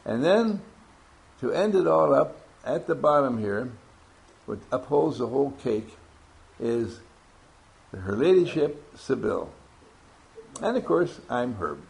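Brief: gravelly-voiced man at mid pitch, a playful workshop leader doing roll call. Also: big pitch swings, darkish tone. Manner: playful and teasing, drawn-out names. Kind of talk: classroom talk to a group.

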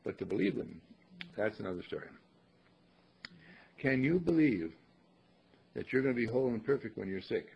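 Older man, rough husky voice, rambling homespun talk, dull lo-fi recording. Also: medium pitch, big pitch swings, normal speed, long pauses. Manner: folksy, rambling, repeats phrases, clears throat. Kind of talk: spoken reflection on attitude.

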